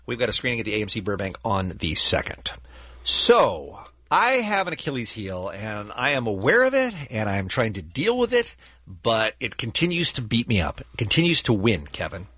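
A man co-hosting a radio show in casual chat, an animated storyteller. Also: fairly low pitch, moderate pace, breathy edge, no echo.

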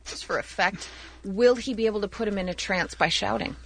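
A woman's voice: medium pitch, brisk, gravelly, a bit bright, no echo. A woman co-hosting a talk show, joking and giggling in casual chat. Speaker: co-host.

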